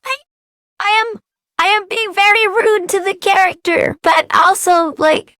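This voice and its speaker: A woman's voice: extremely high pitch, measured pace, sharp tone, no room sound, clean studio sound. A woman hosting a casual podcast chat, playful and giggly, making silly sound effects. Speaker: podcast host.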